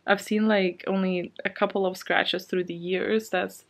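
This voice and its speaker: A woman's voice: medium pitch, steady tone, a little slow. Shaken woman vlogging from bed. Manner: rambling with many fillers and nervous laughs. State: shaken and anxious. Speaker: book vlogger. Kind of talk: casual vlog chat. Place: at home, sitting in bed.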